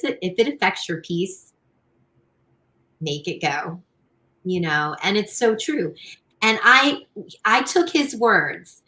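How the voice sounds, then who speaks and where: Podcast guest, female, slow and reflective, bright tone, lowish pitch. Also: poor audio. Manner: reflective, rephrases as she goes. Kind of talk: casual podcast chat.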